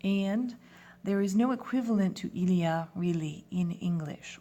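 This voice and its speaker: A woman teaching a lesson, speaking clearly and patiently and spelling words out letter by letter. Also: fairly low pitch, normal speed, dark tone. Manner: switches between French and English phrases. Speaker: French teacher. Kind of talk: classroom lesson video.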